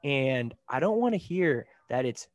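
A young podcast co-host speaks with eager enthusiasm. He laughs often and praises people warmly. His voice sits in the middle range and is recorded close and dry. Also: medium pitch, very animated, measured pace, no room sound. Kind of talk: casual chat.

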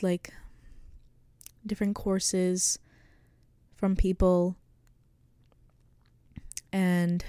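A woman's voice: on the low side, mellow, clean tone, no echo. A woman in her late teens hosting a casual solo podcast, talking in a reflective, rambling way with lots of fillers, close to the mic. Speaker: podcast host. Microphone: close studio microphone.

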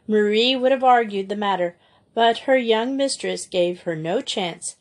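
A woman's voice: on the high side, unhurried. Woman narrating a storybook aloud. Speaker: audiobook reader.

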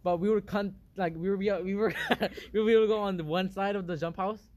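An excitable teenage boy chatting with friends, full of "like" and quick laughs. His voice sits high for a guy. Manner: excitable, laughs often, heavy use of "like". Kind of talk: casual chat.

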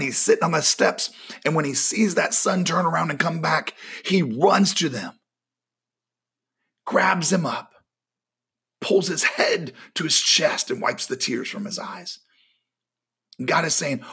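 A man preaching a sermon with a slightly husky voice that sits a little high for a man. He is earnest and emphatic, hammering home points through repetition, with a touch of self-mocking humor. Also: a little slow, long pauses, pushed and bright.

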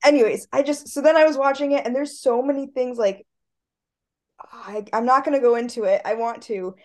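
A woman's voice: high voice, fairly quick. A young woman, a college student, chatting casually over a video call, enthusiastic and rambling, with lots of fillers. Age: young adult. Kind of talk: casual chat.

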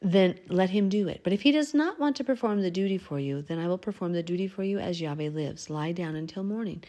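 Woman doing a laid-back bible study, reads a verse then chats about it, mellow lowish voice. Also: expressive, fairly quick. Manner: reads verses aloud, then explains them chattily; acts out the figures' lines in an everyday voice. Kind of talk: casual scripture reading and commentary.

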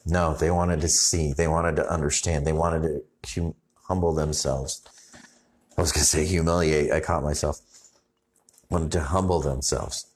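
A man's voice: very deep voice, fairly even intonation, slight background noise. A man preaching a sermon in a conversational way, often restarting his sentences. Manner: conversational, halting restarts, rising intensity when reading scripture. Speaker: pastor.

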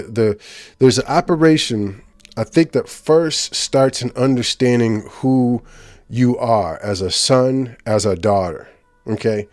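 A man preaching informally about deliverance prayer. He gets excited, speaks in quick bursts and keeps checking in with "right?". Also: medium pitch, no echo. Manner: excitable, rapid bursts, frequent "right?" tag questions. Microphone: handheld or stand mic, speaking to a live group.

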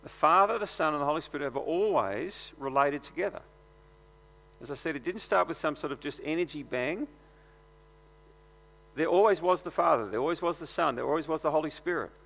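A man preaches from the front of a large church, his voice pitched high and bright. It rings out with a long reverb from the hall around him. He talks in an earnest, conversational way, as if chatting with the congregation. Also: expressive, fairly quick, vocal fry. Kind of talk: sermon.

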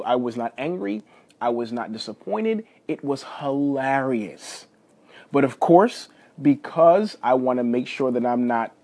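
A man in his thirties hosting a podcast, casually telling a family story in a folksy, animated way and talking straight to his listeners. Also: mid-range voice, husky. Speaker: podcast host.

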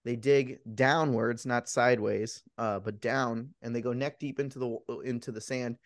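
A man's voice: medium pitch, fairly even intonation, moderate pace, no room sound. A man co-hosts a podcast and retells a film plot in a loose, rambling, profane manner. He keeps restarting his sentences, and his voice sits close and dry on the mic. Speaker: podcast co-host. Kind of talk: casual chat retelling a film.

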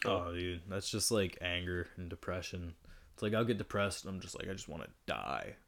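A man's voice: sits low, fairly even intonation, fairly quick, a bit bright. A young man from Michigan, a podcast guest rambling in casual chat with a lot of profanity and jokes. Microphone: studio podcast mic.

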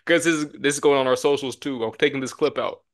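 A young man co-hosts a casual podcast and tells a story with lots of energy. He acts out every line of dialogue in it. His voice sits at an ordinary middle pitch. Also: fast. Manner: animated storyteller, acts out quotes with shouts. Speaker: podcast co-host.

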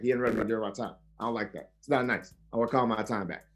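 A man's voice: on the low side, fast talker. A man arguing his side in a heated wrestling debate on a podcast, emphatic and insistent, repeating his points.

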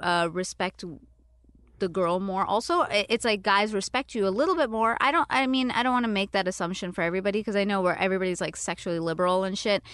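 A woman in her thirties talks in a frank, animated way, full of fillers and casual swearing. Her pitch leaps up and down as she makes her points. The sound is close and dry. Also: fast talker, smooth, no echo. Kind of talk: casual chat.

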